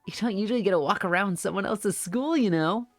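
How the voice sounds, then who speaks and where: A man's voice: high-pitched, brisk, a bit bright, no echo, soft background music, voice pushed up. A man voicing a playful tall young man in a visual novel reading, talking in a breezy, teasing way.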